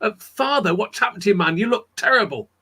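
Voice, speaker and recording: A man's voice: sits high, animated, quick pace, husky, voice pushed up, exaggerated voice. A man doing a blunt, determined young lad. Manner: blunt, forceful dialect speech.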